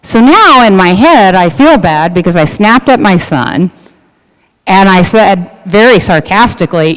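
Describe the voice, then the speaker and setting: A woman's voice: mid-range voice, expressive, unhurried. A middle-aged woman who owns a produce business, telling a story in a luncheon speech with lots of fillers and restarts. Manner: chatty, many fillers and restarts. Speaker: produce business owner giving a luncheon talk. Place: large event hall. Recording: long hall reverb.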